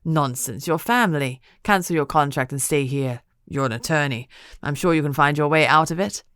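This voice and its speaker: A genial older lord, hearty and welcoming, voiced by a woman reading the book. The voice sits low and close, with no room around it. He talks with easy, booming cheer. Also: moderate pace, a bit bright, no echo. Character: genial older Scottish laird, hearty host.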